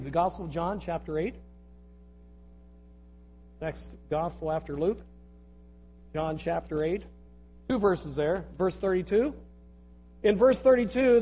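A man's voice: sits high, measured pace, long pauses, dark tone, a little hiss or hum, low-quality recording. A man preaching an earnest sermon, reading scripture aloud and repeating key phrases. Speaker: pastor.

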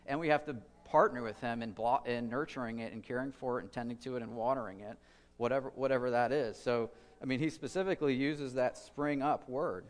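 A man preaches to his congregation in a relaxed, conversational way, pausing with fillers and circling back on his words as he thinks aloud. His voice sits at an ordinary middle pitch. The sound carries the long reverb of a church hall. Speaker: pastor. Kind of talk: sermon.

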